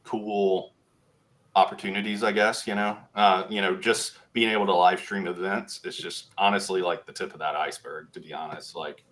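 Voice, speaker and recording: A man's voice: deep voice, flat delivery, moderate pace, a bit bright. A man chatting casually on a podcast, laid-back and laughing often. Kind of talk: casual chat.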